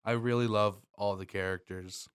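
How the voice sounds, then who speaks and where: A man's voice: lowish voice, fairly even intonation, moderate pace, clear, resonant tone. A man co-hosting a podcast in casual chat, laid-back, swearing freely and laughing easily. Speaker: podcast co-host.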